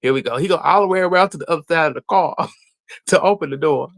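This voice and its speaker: A man retelling a reality show episode in a casual, animated, gossipy way, laughing often. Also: fairly high pitch, quick pace, dry recording, studio quality.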